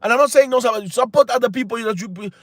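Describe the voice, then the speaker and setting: A man's voice: very high-pitched, very fast, no room sound, studio quality. A man hosting a livestream, talking in an impassioned, preachy way with many rhetorical questions. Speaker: channel host. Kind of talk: livestream talk.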